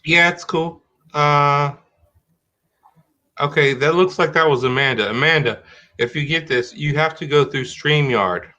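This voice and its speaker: A man's voice: fairly high pitch, unhurried, sharp tone. A middle-aged man hosting a live-streamed talk show in casual chat, rambling and restarting his sentences as he thinks aloud.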